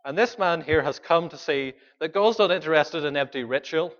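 A man's voice: on the high side, normal speed, fairly bright tone. Male pastor, earnest sermon delivery, lo-fi church recording. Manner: earnest, pleading, questions the congregation.

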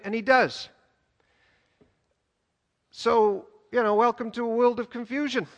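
A man preaching a sermon in a church, in an animated, conversational storytelling way. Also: very high voice, measured pace. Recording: echoey church hall.

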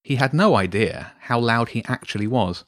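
A man reading his own bedtime story aloud to two boys, with a lively, expressive delivery. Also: medium pitch, moderate pace, no echo, clean studio sound.

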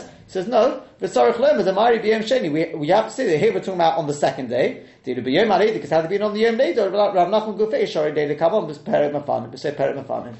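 A man teaching a Talmud class, questioning the texts out loud and mixing in Hebrew and Aramaic terms. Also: high-pitched, creaky, reverberant.

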